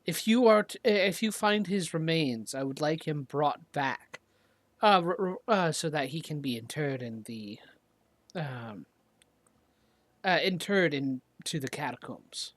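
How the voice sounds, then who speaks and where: A game master voicing a solemn townsperson who asks a favor in a halting, earnest way during a tabletop role-play. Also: medium pitch, expressive, no room sound.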